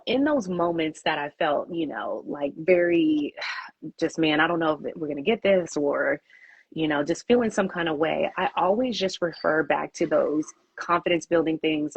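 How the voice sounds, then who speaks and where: A woman's voice: low-pitched, husky, no echo, highs cut off. A woman who founded a PR agency, answering interview questions with candid storytelling and acting out her own inner thoughts.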